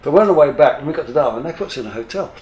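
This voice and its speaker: An older man, a retired airline captain, telling a lively, mildly profane story in an interview. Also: on the high side, very fast, slight background noise. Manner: lively, swears casually, full of restarts. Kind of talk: casual anecdotal storytelling.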